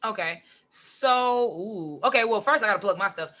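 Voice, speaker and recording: A woman with a mid-range voice talks at a normal speed as a podcast guest who works as a comic writer and poet. She's animated and chatty, saying "like" constantly and acting out quotes.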